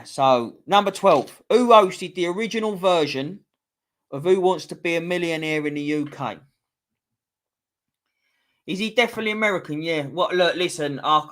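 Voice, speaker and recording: London bloke running a quiz on a stream, kinda high voice, swears a lot, takes the mick. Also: male voice, a bit bright. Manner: swears freely, teasing, chatty. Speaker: host reading a quiz to a live chat. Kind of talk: casual live-stream quiz banter.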